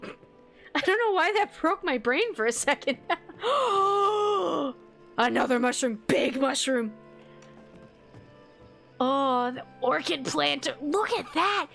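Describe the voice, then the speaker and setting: A woman streaming a video game with a fairly high voice. She reads menu items aloud, swears freely and gets excited easily. Faint game music runs underneath her chatter. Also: slow, vocal fry, pauses often. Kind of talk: casual live game stream commentary.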